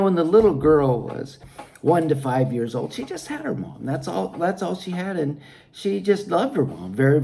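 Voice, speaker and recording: A man's voice: mid-range voice, creaky, a little mellow, slight background noise. A man teaching children a Bible lesson, telling a story in an earnest, chatty way. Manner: earnest, addresses listeners as "you guys".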